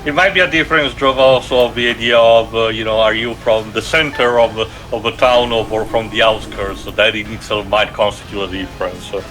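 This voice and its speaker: A man's voice: lowish voice, steady tone, brisk, hardly any pauses, a bit bright, faint music behind. A man co-hosting a casual gaming chat, rambling with lots of fillers and restarts. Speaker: podcast co-host.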